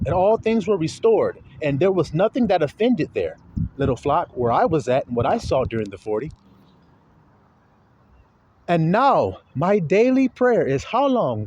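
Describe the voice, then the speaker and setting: A man's voice: a little high, noisy background. A man preaching an informal sermon, folksy and profane, talking straight to his listeners.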